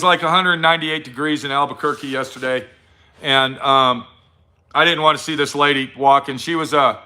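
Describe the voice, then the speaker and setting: A man's voice: medium pitch, sharp tone, clear, resonant tone. A middle-aged man giving a blunt, profane motivational talk to his viewers, full of swearing and preachy advice. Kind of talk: profane casual motivational rant.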